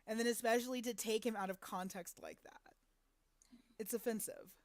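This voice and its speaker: A woman co-hosting a casual podcast chat, blunt and opinionated and quick to laugh. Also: a little high, fairly even intonation, darkish tone, no room sound, studio quality. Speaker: podcast co-host.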